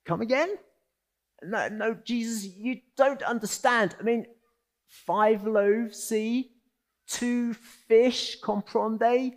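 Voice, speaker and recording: A man's voice: very high voice, slow, pitched above the performer's own voice, heavily acted. A man voicing a flustered, panicky male disciple, hesitant and pleading, within a sermon. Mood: incredulous. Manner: hesitant, apologetic, then incredulous and pleading. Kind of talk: sermon with acted voices.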